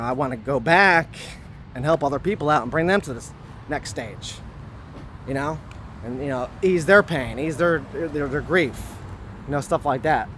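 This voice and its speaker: A man telling a personal story to camera outdoors, rambling and earnest, filling every pause with "you know" and "like" and hurrying to finish. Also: mid-range voice, a bit bright, slight background noise. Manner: hurried, wanting to finish quickly. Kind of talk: casual spoken recollection.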